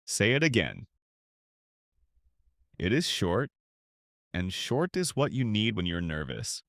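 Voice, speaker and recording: A man teaching beginner English in a slow, clear, scripted way, pausing so listeners can repeat. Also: on the low side, big pitch swings, fairly bright tone, no echo, clean studio sound. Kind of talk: slow scripted lesson for learners.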